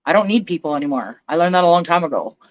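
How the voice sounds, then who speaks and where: A woman's voice: lowish voice, lively intonation, racing. Woman ranting on her stream, blunt, swears a lot, kinda muffled audio. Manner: blunt, profane, emphatic. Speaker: vlogger. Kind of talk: casual livestream rant.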